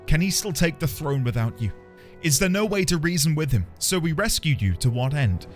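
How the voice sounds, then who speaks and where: A brisk game streamer with a slightly high voice and lively intonation offers casual commentary. He's playful, rambling, and self-deprecating. Game music sits behind his voice.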